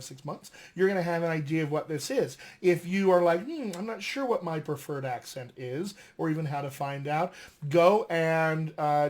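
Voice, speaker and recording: A man who coaches dialects, speaking in a mostly General American accent and teaching a casual recorded lesson in a lively, conversational way with frequent fillers. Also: fairly high pitch. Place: filmed at home with flashcards.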